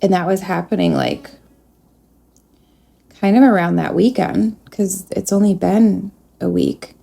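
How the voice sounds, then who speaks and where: Slow, gravelly-voiced woman medium. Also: mid-range voice, steady tone. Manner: soft-spoken, pausing to address an unseen presence. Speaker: psychic medium. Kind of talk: spirit communication session.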